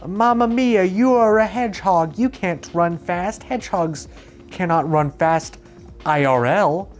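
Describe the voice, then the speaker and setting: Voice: medium pitch, measured pace, pitched above the performer's own voice, close to an everyday voice. A vlogger putting on a cartoon plumber voice for a joke parody, talking in mock broken English over faint background music. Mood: exclaiming. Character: Mario as a brash cartoon plumber.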